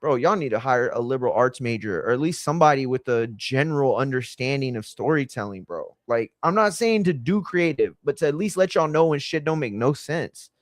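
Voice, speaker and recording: A man's voice: mid-range voice, lively intonation, a little fast, hardly any pauses, no echo, clean studio sound. A young man casually reacting to wrestling in a slangy, profane, blunt way.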